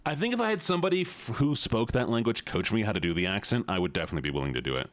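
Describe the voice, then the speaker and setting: A man's voice: lowish voice, very animated, rapid-fire, hardly any pauses. A man streaming a game live, who is playful as he reads viewer messages aloud and answers them in casual chat.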